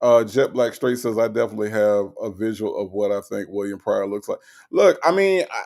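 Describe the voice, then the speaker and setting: A man's voice: lowish voice, a little fast, creaky, a little mellow. A man hosting a casual live stream, playful and mocking, greeting viewers from the chat. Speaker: host of a live call-in commentary stream.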